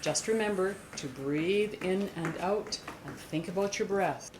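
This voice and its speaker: Older lady vocal coach, lowish voice, chill and encouraging, echoey room. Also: a little slow, noisy background. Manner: calm, encouraging, demonstrates while moving. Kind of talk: video singing lesson.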